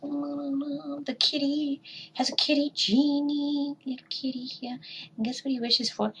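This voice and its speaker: A woman's voice: high-pitched, little pitch movement, a little slow, gravelly, fairly bright tone, slight background noise, low-quality recording. A woman in her twenties vlogging at home, rambling casually and dropping into whispered asides. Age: 20s. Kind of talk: casual chat.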